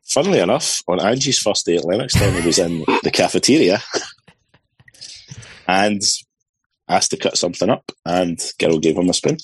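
A man speaks bluntly and deadpan on a casual panel chat. His voice is very low and husky. The sound is close and dry. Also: moderate pace, long pauses, dry recording, poor audio. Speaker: panelist running the quiz.

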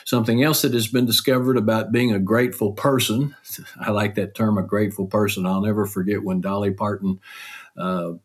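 A middle-aged man hosting a podcast, giving a folksy, animated motivational talk. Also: a little fast, slightly rough. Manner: folksy, animated, with mock quotes in a higher voice. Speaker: podcast host.

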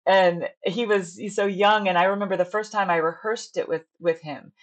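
A woman's voice: mid-range voice, fairly even intonation, moderate pace. A woman in her thirties, a stage director and actress, talking in a chatty, earnest way during a casual podcast interview.

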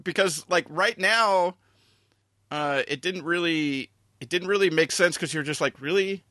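A man with a bright, forceful tone and a middle pitch talks through his thoughts in casual chat, stumbling over restarts and fillers. The sound is dry and close. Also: no room sound. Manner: halting, many fillers and restarts. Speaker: podcast co-host.

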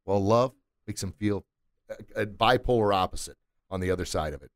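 Middle-aged guy preaching positivity on his podcast, lowish voice, dry studio sound, keeps repeating stuff for punch. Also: a little fast, no room sound. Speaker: podcast host. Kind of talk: motivational podcast talk. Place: recording studio. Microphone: studio mic.

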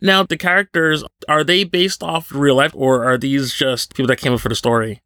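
Chatty bright-voiced man hosting an interview. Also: mid-range voice, steady tone, normal speed, dry recording. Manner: chatty, laughs often, many fillers. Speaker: podcast host. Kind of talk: casual interview chat.

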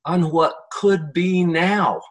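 A man hosting a podcast interview, his voice sitting a little higher than most men's. He talks in a slow, reflective coaching manner and lets his phrases stretch out. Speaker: podcast host. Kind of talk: conversational interview.

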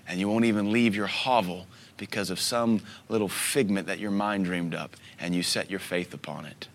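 A man in his thirties preaching a sermon as a pastor, telling stories with soft asides and sudden loud bursts. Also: sits low, steady tone, moderate pace, slight background noise. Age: 30s.

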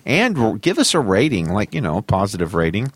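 A man's voice: fairly low pitch, huge pitch swings, a little fast, breathy edge, no room sound. A man co-hosting a casual podcast, teasing his friends with dry quips and making plugs. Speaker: podcast co-host.

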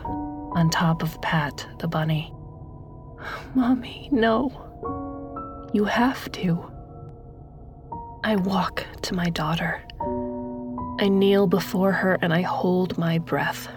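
A woman narrating a first-person story in a hushed, breathy, grieving voice that often drops to a whisper. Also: on the low side.

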